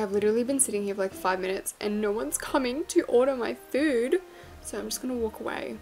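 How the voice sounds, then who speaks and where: A young woman giving chatty, playful, self-mocking commentary while playing a game, with faint music behind her. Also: fairly high pitch. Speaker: gaming vlogger. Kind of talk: casual gameplay commentary.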